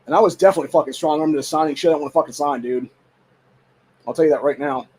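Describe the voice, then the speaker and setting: This Ohio podcast host, a man in his forties, races through a frustrated, expletive-heavy venting session. His voice is fairly high yet darkish and husky, and the recording quality is poor.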